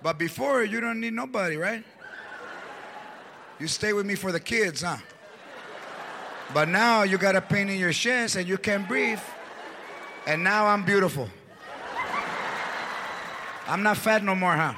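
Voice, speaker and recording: A male comedian voicing an older wife who taunts her sick husband, sarcastic and yelling. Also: mid-range voice, a little slow, gravelly, long pauses, a faint crowd, a little hiss or hum. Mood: taunting.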